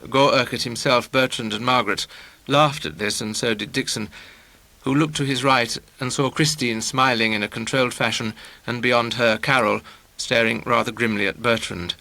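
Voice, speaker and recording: A man narrating a novel in a measured, wry storytelling manner. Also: medium pitch, fairly even intonation, gravelly, bright, forceful tone, no echo, poor audio. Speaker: audiobook narrator.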